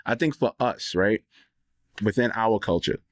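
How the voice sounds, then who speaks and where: A man hosting a podcast interview, calm and measured, stopping to search for his words. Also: lowish voice, no room sound, studio quality. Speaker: podcast host. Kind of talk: conversational interview.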